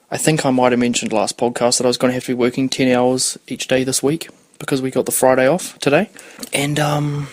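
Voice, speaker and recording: A man's voice: mid-range voice, no room sound. A man in his twenties hosting a podcast, chatting casually in a rambling way, swearing freely and losing his thread. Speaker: podcast host.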